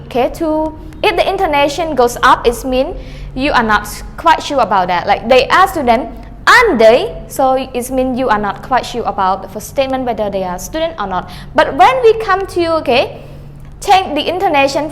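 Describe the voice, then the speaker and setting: A woman's voice: sits high, a bit bright, long reverb tail, a little hiss or hum. A woman teaching an online English grammar lesson, filling her sentences with "okay" and acting out rising and falling question tags. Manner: repeats "okay" often, calls herself teacher; models question-tag intonation with rising and falling tones.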